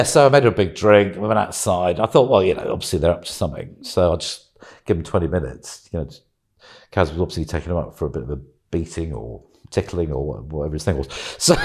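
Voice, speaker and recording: A man with a low, gravelly voice tells a story in a relaxed, chatty way. His pitch swings widely as he laughs and acts out what people said. It sounds like a casual anecdote on a podcast. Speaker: podcast guest telling a story.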